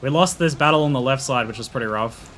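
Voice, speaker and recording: An Australian man narrating and commentating a strategy game he plays, excitable and laughing often, shouting battle orders at his troops. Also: mid-range voice, fast. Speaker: gaming YouTuber. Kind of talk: let's play commentary and narration.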